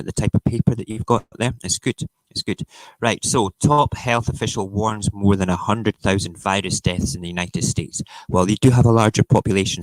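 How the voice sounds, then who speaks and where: Deep-voiced sarcastic Scottish man ranting. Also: no echo. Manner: sarcastic, swearing, mock-outraged rants. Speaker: livestream host. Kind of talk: morning chat show, ranting about newspaper front pages.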